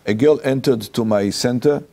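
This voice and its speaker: Telling a personal anecdote as an interview guest, a rabbi with an Israeli accent speaks animated, halting non-native English in a medium-pitched voice.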